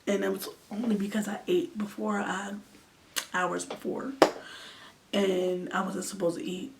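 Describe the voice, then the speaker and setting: A woman in her twenties, a vlogger, earnestly tells an emotional storytime, now and then dropping almost to a whisper. Her mid-range voice stays fairly flat in pitch, unhurried, with vocal fry. The mic is distant, picking up faint background noise.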